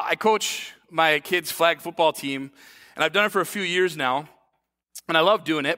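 Pastor, man, 30s: lively sermon storytelling, acts out the voices, bright ringing tone with long church reverb. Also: sits high. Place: church sanctuary. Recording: echoey church hall.

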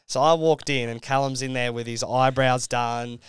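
A man's voice: mid-range voice, fairly even intonation, normal speed, clean tone, no room sound. A young Australian man telling a story as a podcast guest, laid-back and full of "like"s. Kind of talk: casual chat.

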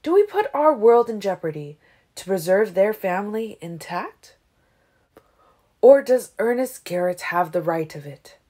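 A woman reading an audiobook, voicing an ancient male vampire leader who speaks in a tolerant, silky, falsely gentle way. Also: medium pitch, big pitch swings, unhurried. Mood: smooth, condescending.

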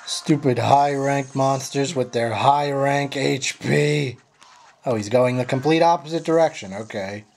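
A man giving profane, frustrated live commentary while playing a video game, yelling at his companions and apologizing to viewers. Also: mid-range voice, measured pace, vocal fry, faint music behind. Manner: frustrated, swearing, sarcastic. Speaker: gameplay commentator.

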